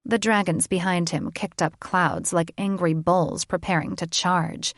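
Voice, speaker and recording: A woman narrating an audiobook in a calm, even storytelling voice. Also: fairly low pitch, normal speed, creaky, dry recording, studio quality. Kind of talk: scripted narration.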